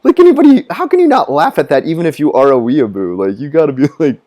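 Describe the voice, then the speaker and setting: A man chatting on a live stream, rambling and profane, with a pitch that swings widely between low mutters and high bursts. He laughs at his own jokes and mocks other people in squeaky voices. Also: sing-song, fast talker, dark tone. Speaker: gaming streamer. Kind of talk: casual live-stream chat. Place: living in Japan.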